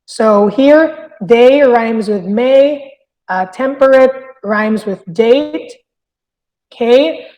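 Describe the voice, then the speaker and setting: A woman's voice: fairly high pitch, drawn-out words, muffled recording. A woman teaching a literature review lesson, explaining step by step and often checking in with "okay?". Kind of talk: recorded lecture. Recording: long hall reverb.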